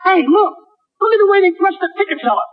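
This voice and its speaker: A very high-voiced dim young hustler. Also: male voice, animated, quick pace. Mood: goofy. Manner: naive, rambling comic banter. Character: chubby, dim-witted young male street hustler. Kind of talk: 1940s radio comedy acting. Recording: tinny old radio recording with music.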